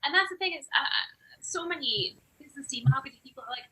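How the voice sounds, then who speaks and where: A woman who teaches burlesque, chatting in a casual podcast interview and acting out quotes in lively voices. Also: sits high, fast talker, rough recording. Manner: animated, acts out quotes in different voices.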